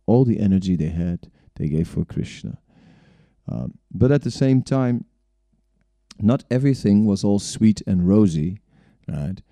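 Telling rambling stories about his own spiritual journey, a non-English-speaking man uses a lowish, warm, expressive voice that runs a little slow. Chuckles and "right?" come up frequently. No room sound can be heard.

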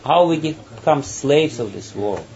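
A man giving a spiritual talk and telling a parable. He speaks haltingly, repeats words, and often breaks into laughter. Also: on the high side, animated, a little mellow. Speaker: spiritual teacher. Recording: dull, faint background noise.

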